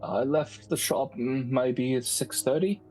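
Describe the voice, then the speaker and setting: A game master gives voice to a big, brawny workman who is always on edge, his mid-range voice tripping over hesitant, halting answers. Faint music plays low behind the tabletop scene. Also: warm tone, natural voice, poor audio. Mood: evasive. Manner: hesitant, stammering denials. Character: nervous brawny man, wide-eyed, jumpy. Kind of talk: tabletop role-play character voice.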